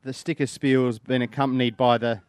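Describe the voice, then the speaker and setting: Aussie bloke hosting a fishing podcast, joking around, dry close sound. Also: male voice, mid-range voice, normal speed, clean tone, no room sound. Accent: Australian. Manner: jokey, laughing, relaxed banter. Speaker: podcast host. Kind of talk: casual fishing podcast chat.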